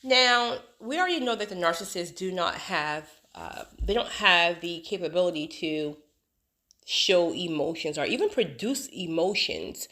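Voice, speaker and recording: A woman's voice: fairly low pitch, animated, unhurried, pushed and bright. A woman hosting her own video channel, talking casually and emphatically to her subscribers, with lots of rhetorical repetition. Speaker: YouTube channel host. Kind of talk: casual vlog talk to subscribers.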